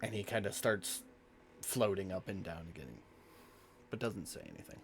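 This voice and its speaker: A man with a slightly low voice narrates a tabletop game as game master. He describes scenes in an easygoing way, now and then restarting a phrase. Faint room noise sits beneath him. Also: normal speed, gravelly. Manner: relaxed, descriptive, with small restarts.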